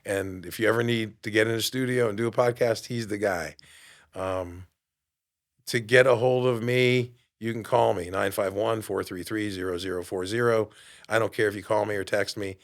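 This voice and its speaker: A man in his late fifties, a podcast host and fitness coach, giving an emphatic motivational talk in a studio, swinging between loud bursts and quiet asides. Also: fairly low pitch, fairly even intonation, moderate pace. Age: 50s.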